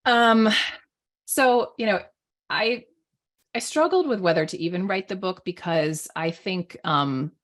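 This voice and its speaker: A woman's voice: mid-range voice, animated, measured pace. A middle-aged woman, a parenting author, talking casually with lots of "like" and "you know" fillers. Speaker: author and guest expert on parenting. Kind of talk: casual online panel talk.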